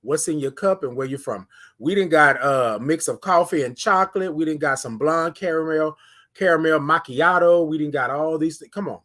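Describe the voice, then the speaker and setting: A man's voice: a little high, moderate pace, a bit bright. Coaxing man hosting a morning live stream. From Houston, Texas. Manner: repetitive, coaxing call-outs to viewers. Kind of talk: casual live stream chat.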